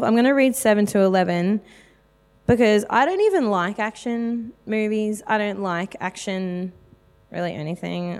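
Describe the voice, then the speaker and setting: A woman in her thirties giving a candid, chatty personal testimony as a preacher, with lots of fillers. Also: fairly high pitch. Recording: long reverb of a hall.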